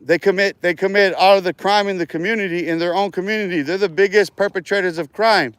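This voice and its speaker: High-voiced man ranting on a livestream. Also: steady tone, fast, a bit bright, clear, resonant tone, dry recording. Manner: rambling, profane, taunting, laughs often. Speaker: livestream host. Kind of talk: profane livestream rant.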